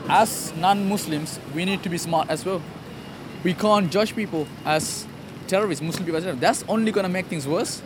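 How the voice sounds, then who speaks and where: A man's voice: high-pitched, fairly quick. A young man from Sri Lanka in a street interview, speaking earnestly in short plain statements. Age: young adult. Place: city street outdoors. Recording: street noise behind.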